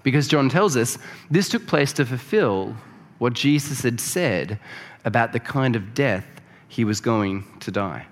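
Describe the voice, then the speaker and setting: A man's voice: medium pitch, animated, unhurried. Man preaching in an echoing hall. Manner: conversational, explaining scripture with rising emphasis. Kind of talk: sermon. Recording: long reverb of a large hall.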